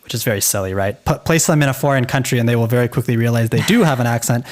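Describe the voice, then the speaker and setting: A man's voice: medium pitch, very fast, a little hiss or hum. A man with a General American accent co-hosting a podcast about language, talking casually with frequent ums and restarts. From United States. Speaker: podcast co-host. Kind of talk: casual conversational podcast talk.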